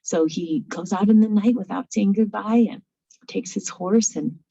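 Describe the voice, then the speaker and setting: A woman telling a story aloud in an informal, animated way with frequent fillers. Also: mid-range voice, moderate pace, gravelly, breathy edge, lo-fi sound. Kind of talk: spoken storytelling.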